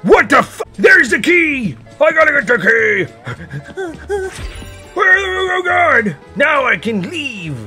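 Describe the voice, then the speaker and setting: A man voicing a gruff, greedy old sea-captain crab, using salty pirate growls and frantic yelling while commentating on a game. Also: very high-pitched, sing-song, slow pace, pauses often, faint music behind, full character voice. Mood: frustrated. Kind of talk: in-character gaming commentary.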